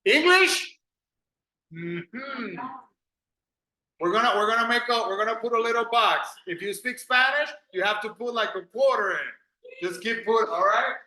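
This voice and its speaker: A man's voice: very high voice, animated, normal speed, sharp tone, echoey room, poor audio. A man teaching an English class, patiently correcting students and drilling pronunciation.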